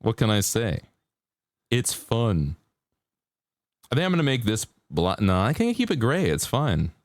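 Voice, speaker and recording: A man's voice: on the low side, huge pitch swings, measured pace, no room sound, studio quality. A man chatting casually with viewers on a live stream while he paints, laid-back and chatty. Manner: laid-back, chatty, sings along to songs in a put-on country twang.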